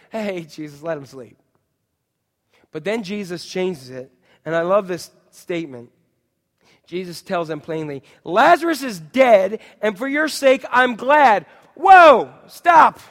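A man with a high-pitched voice preaches a sermon in an animated way, throwing questions at the congregation and acting out what people say. His voice rings with the long reverb of a big hall. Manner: animated, acts out quotes and asks the congregation questions. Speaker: pastor.

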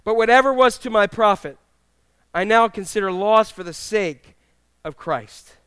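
A middle-aged male pastor preaching a sermon in a church, telling humorous stories with animated, acted-out quotes. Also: high-pitched, a little slow, clear, resonant tone, dry recording. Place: church sanctuary with congregation.

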